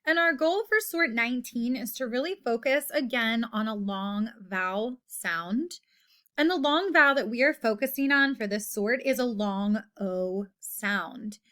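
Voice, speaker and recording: A woman teaches young children in a slightly high voice. She speaks slowly and patiently, drawing out each word so its vowel sound stands out. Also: animated, fairly bright tone. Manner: slow, patient, drawn-out word modeling. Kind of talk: recorded phonics lesson for children.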